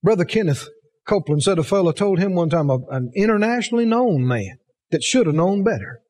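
A man's voice: sits high, expressive, fairly quick, a little mellow, long reverb tail. A man preaching a sermon, emphatic, asking the congregation rhetorical questions.

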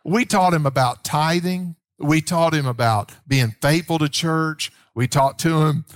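A man, a pastor telling a story in a sermon in a folksy, animated way, acting out the voices of the people in it. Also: fairly high pitch, unhurried, no echo, clean studio sound.

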